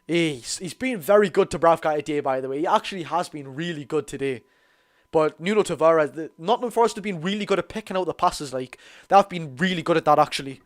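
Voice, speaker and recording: A teenage man with a Geordie accent giving a live fan commentary on a football match, talking to his chat, his voice going hoarse. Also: a little high. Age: teens. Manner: excitable, chatty, calls the play and talks to chat. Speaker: fan watch-along host.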